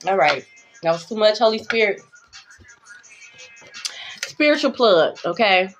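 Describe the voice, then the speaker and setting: A woman giving a spiritual tarot reading to her viewers, blunt and profane, swinging between calm reassurance and heated calling-out. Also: medium pitch, a little slow. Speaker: tarot reader. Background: background music.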